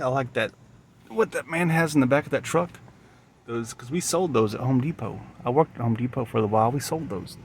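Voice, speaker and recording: A man of ordinary pitch rambles through a musing monologue, circling back on his own words. He speaks outdoors near a gas station. Faint traffic noise sits in the background. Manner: meandering, musing, repeats himself. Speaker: vlogger.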